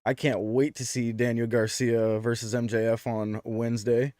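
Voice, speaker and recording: A man's voice: medium pitch, flat delivery, normal speed, darkish tone, no room sound. Man, podcast co-host, casual chat, dry close sound, loose rambling delivery. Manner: chatty, with many "um"s and restarts.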